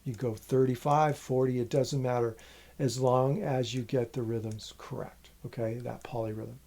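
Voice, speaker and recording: A man's voice: medium pitch, moderate pace, creaky. A man teaching a rhythm lesson in a casual way, explaining counts and apologizing for his slips as he goes. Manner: counts rhythms aloud while playing; relaxed, apologetic asides. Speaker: music teacher. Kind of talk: casual instructional talk.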